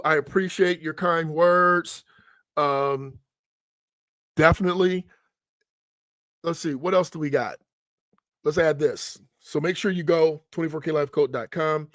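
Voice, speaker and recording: Man, middle-aged, money coach, motivational live stream, slightly high voice, emphatic and repetitive, dry close sound. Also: dry recording. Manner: energetic, emphatic, repeats phrases for emphasis. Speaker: money coach and show host.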